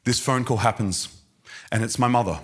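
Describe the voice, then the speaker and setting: A man preaching a sermon, telling stories with passion and moving between quiet and loud. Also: mid-range voice, normal speed. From Australia. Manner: impassioned storytelling, swinging between quiet and loud.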